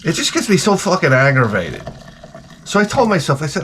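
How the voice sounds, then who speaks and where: Profane ranting man with lively pitch. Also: a little fast, noisy background. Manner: profane, exasperated, swings loud and mutters. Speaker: vlogger. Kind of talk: rambling ranting monologue.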